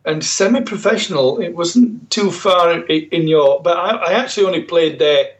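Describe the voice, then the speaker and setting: A man's voice: on the high side, moderate pace. Male podcast guest, 50s, South Yorkshire accent, lightish voice, self-mocking. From South Yorkshire, England. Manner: good-humoured, self-mocking. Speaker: guest, former footballer. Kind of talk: casual interview chat.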